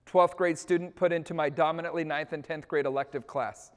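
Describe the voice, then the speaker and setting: Lively man telling a story in a reverberant hall. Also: on the high side, fairly quick. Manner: animated storyteller, acts out scenes. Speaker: staff trainer. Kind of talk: storytelling keynote to teachers. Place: school hall or gym. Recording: long reverb of a large hall.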